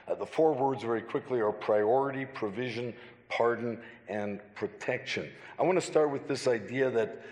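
A man preaching a Sunday sermon, deliberate and emphatic, with rhetorical questions. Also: medium pitch. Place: church sanctuary. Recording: long church reverb.

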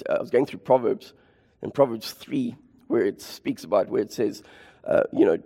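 A man preaching a sermon and telling his own story, impassioned, repeating phrases for emphasis and building to near shouts. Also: medium pitch, moderate pace, breathy edge. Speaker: preacher sharing his testimony. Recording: long hall reverb.

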